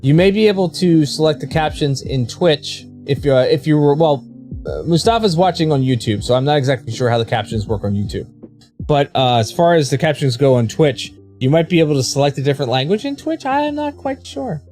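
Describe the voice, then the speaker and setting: A man with a Baltimore accent chats with his stream viewers in a loose, rambling way, often repeating words as he restarts a thought. His voice sits a little higher than most men's. Soft music plays faintly under him. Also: expressive, brisk. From Baltimore, USA. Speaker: game streamer. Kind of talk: casual live-stream chat with viewers.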